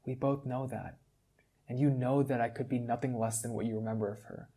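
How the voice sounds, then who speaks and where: A gentle spell-made woman, a copy of a lost wife, speaks softly and with quiet understanding in a fantasy storybook reading, as a male narrator gives her lines. The voice is low and mellow, with a breathy husk. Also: fairly even intonation, fairly quick, natural voice.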